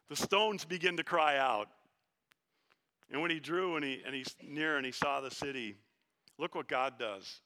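A man preaching a sermon in a conversational, animated way with jokes and earnest asides. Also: on the high side, a little fast. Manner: conversational and animated, joking, then hushed and earnest. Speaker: pastor.

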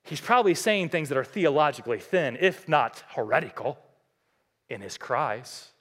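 With animated energy and a moderate pace, a middle-aged pastor delivers a sermon. His earnest, impassioned preaching alternates between loud emphasis and quiet, low passages.

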